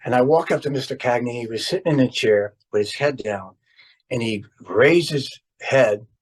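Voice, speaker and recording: An older man from New Jersey, a stuntman guest telling an excitable anecdote full of exclamations. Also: mid-range voice, breathy edge, low-quality recording. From New Jersey, USA. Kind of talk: storytelling anecdote.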